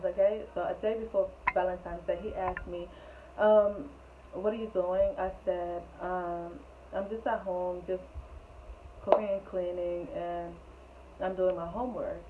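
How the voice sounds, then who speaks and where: A woman's voice: on the low side, fairly even intonation, moderate pace. A young woman chatting through a rambling storytime, laughing often as she tells it. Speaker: storytelling vlogger. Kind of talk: casual storytime. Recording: tinny phone-like sound with faint noise.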